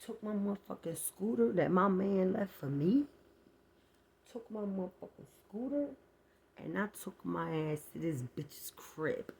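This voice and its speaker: A woman's voice: mid-range voice, animated, measured pace, gravelly, darkish tone, husky. A woman telling a personal story to her viewers in a casual storytime vlog, blunt and heavily profane, addressing them directly and acting out sounds as she goes. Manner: vivid retelling with sound effects. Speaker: storyteller vlogger.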